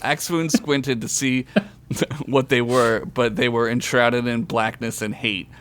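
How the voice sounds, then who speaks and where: A man's voice: medium pitch, steady tone, takes it slowly, fairly bright tone. A man reading his own comedic story aloud on a podcast, with crude, self-mocking asides and frequent laughter. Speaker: podcast co-host telling a story. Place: podcast recording.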